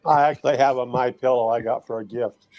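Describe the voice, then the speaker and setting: A man's voice: mid-range voice, fairly even intonation, a little fast, over a noisy crowd, poor audio. A man in a casual chat, talkative and asking the host earnest questions. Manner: chatty, asks earnest questions. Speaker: guest.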